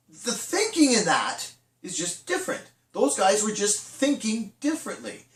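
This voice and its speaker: A man's voice: high voice, expressive, quick pace, fairly bright tone. A middle-aged man leading a casual children's church talk, chatty with restarts and acted-out quotes. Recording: echoey room, from a distance.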